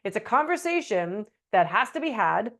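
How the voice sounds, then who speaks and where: Lively woman teaching a webinar. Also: mid-range voice, normal speed. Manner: animated, acts out quoted phrases in a meek voice. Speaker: webinar presenter.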